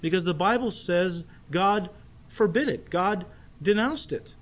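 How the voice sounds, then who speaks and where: A man with a fairly high voice preaches a sermon with emphatic delivery. He slows to press home key phrases and keeps turning to his listeners with quick rhetorical checks. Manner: speaks directly to the congregation with rhetorical checks. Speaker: pastor.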